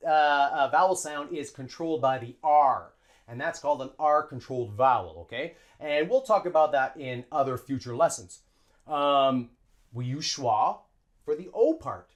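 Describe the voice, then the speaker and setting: Pronunciation teacher, unhurried, voice swoops up and down, drills phrases over and over. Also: mid-range voice. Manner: animated, repeats drills slowly and stretches sounds. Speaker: English teacher. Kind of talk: pronunciation lesson.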